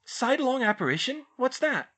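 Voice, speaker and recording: A man's voice: very high voice, very animated, moderate pace, pushed and bright, voice pushed up, heavily acted. A man doing a flustered teenage schoolgirl witch. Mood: alarmed. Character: anxious teenage schoolgirl witch, bossy and quick.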